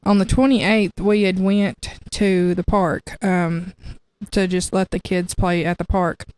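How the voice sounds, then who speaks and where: A young adult woman telling her testimony in casual conversation, chatty and quick to laugh, often restarting her sentences. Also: on the low side, steady tone, darkish tone, slight background noise. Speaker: guest sharing her testimony.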